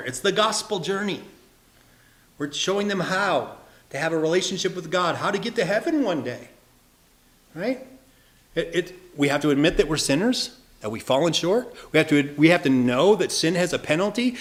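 A man giving an earnest sermon, often repeating words and speaking straight to his listeners. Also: a little high. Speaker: preacher teaching evangelism.

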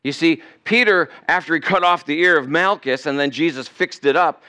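Pastor guy preaching casual-like, smooth clear voice, bit on the high side, acts out the people in the story. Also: normal speed, bright, forceful tone. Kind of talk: sermon. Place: church sanctuary.

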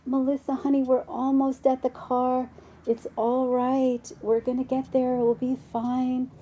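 Picture a gently patient mother coaxing a fussing child along, her voice soft and unhurried, as a woman storyteller puts her on. The tone is mellow and quiet, rising a little as she keeps reassuring. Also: high-pitched, little pitch movement, husky, voice pushed up.

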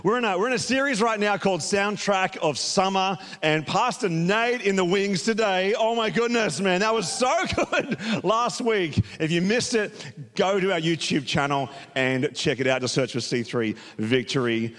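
Upbeat pastor in a reverberant church. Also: male voice, high-pitched, normal speed, fairly bright tone. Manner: upbeat, chatty, lots of fillers. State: slightly hoarse. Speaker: executive pastor. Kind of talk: casual sermon. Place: church auditorium. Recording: long hall reverb.

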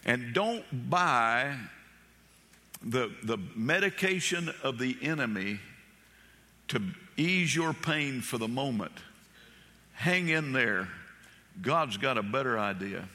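A man's voice: medium pitch, expressive, slow, pauses often, pushed and bright, long reverb tail. A male pastor preaching a sermon with passion, repeating phrases and telling folksy stories.

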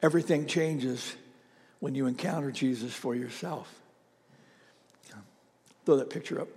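A man preaching a sermon as pastor, telling a story conversationally with frequent fillers and pauses. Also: medium pitch, a little mellow, husky, big-room sound.

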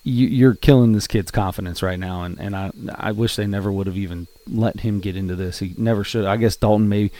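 A man's voice: on the low side, fairly even intonation, fairly quick, hardly any pauses, warm tone. Breathless, rambling sports podcast man. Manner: rambling, gets out of breath while talking. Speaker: podcast co-host. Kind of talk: casual sports betting chat.

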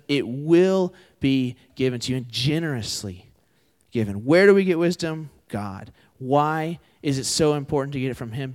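A man in his twenties giving a conversational sermon, often putting questions to his listeners. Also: medium pitch. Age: 20s. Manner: conversational, asks the audience questions. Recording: hall with long reverb.

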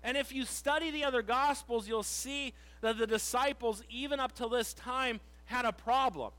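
A man with a high voice preaches a sermon. He reads scripture slowly, in a dramatic way, moving from loud emphasis to soft, quiet lines. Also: poor audio. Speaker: pastor.

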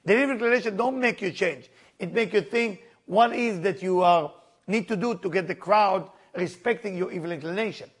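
A man telling a spiritual story as a lesson in broken, non-native English, with lively asides to his listeners. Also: high voice, a little fast, husky. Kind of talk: storytelling sermon.

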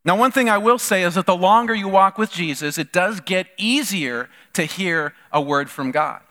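High, bright-voiced male pastor in a hall. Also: moderate pace. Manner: animated storytelling, acts out quoted voices. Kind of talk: sermon. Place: church hall.

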